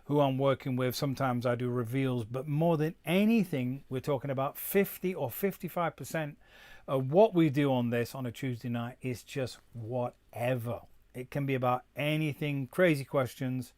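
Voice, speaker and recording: A man's voice: medium pitch, moderate pace, darkish tone, no echo. A middle-aged man, a musician hosting his own live stream, chatting in a rambling way and reading out viewer comments. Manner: rambling, reads chat comments aloud, drops into German. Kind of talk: casual live-stream chat.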